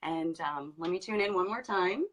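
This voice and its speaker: A woman medium giving a channeled reading, gentle and hesitant with pauses. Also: lowish voice, low-quality recording. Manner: hesitant, pausing with ums, gentle. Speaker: psychic medium. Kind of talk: live online channeling session.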